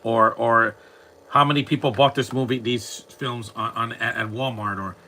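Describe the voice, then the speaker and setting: Steady in tone and moderate in pace, this man's medium-pitched voice sounds bright and forceful over slight background noise. As he watches fan films on a live stream, he talks back with sarcastic humor and grumbling rants, a casual reaction commentary.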